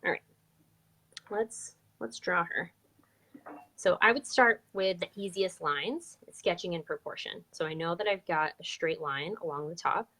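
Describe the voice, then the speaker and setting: A woman's voice: on the low side, measured pace, a bit bright. A woman teaching a live online drawing lesson, chatty and upbeat as she explains each step. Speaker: drawing instructor.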